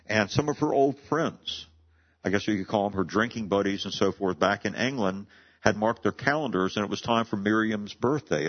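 A man's voice: fairly low pitch, dull audio. A man preaching a sermon as pastor, explaining scripture earnestly and reading verses aloud with rising emphasis.

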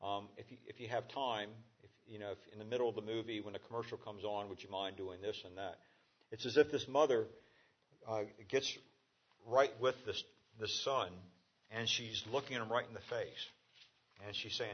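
A man preaching a conversational sermon as a pastor, halting with fillers and restarts. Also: lowish voice, husky, lo-fi sound.

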